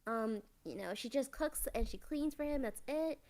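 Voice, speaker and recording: A woman's voice: high voice, moderate pace, a little mellow. A woman hosting a casual anime review podcast, retelling an episode in a rambling way with lots of filler words. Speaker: podcast host.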